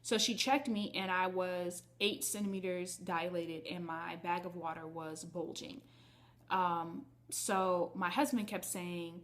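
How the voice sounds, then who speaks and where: A woman's voice: on the low side, a little slow, fairly bright tone. Candid, chatty woman vlogger. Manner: candid and chatty, talks straight to viewers. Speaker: vlogger telling her birth story. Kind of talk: casual storytelling to camera.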